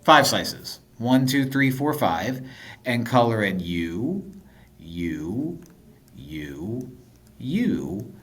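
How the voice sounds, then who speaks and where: A male math teacher talks through a video lesson with a playful, think-aloud manner. His pitch swings widely, and now and then he slips into a whisper. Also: very animated, very slow, a bit bright.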